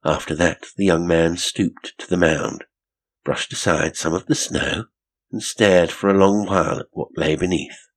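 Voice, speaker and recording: A man narrates a classic mystery story with a measured, storytelling pace. His voice is very low and husky. He reads steadily and evenly. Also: steady tone. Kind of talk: scripted audiobook narration.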